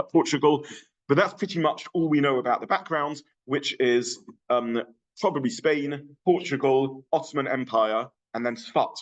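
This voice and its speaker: Guy in his middle years lecturing, thoughtful, lots of ums and restarts, mid pitched voice. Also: lo-fi sound. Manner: thoughtful, many fillers and restarts. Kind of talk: adult education lecture.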